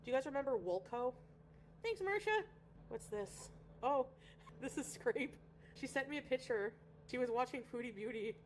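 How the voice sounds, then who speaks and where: A woman's voice: a little high, normal speed, a little hiss or hum. A woman from Canada chatting casually on a livestream, rambling and greeting viewers by name. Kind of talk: casual livestream chat reading viewer comments.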